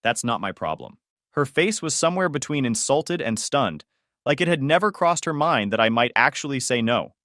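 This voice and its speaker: A man calmly narrating a first-person story in scripted narration. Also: medium pitch, normal speed, dry recording, clean studio sound.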